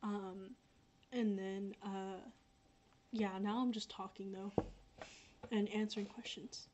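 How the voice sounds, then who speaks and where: A young woman talking casually on a livestream, her pitch sitting in an ordinary middle range. She rambles, fills pauses with "um" and "like," and says things again and again. The sound is a little dull and lo-fi. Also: steady tone, dark tone. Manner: rambling, filler-heavy, repeats herself. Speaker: livestreaming creator. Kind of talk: casual livestream chat reading comments.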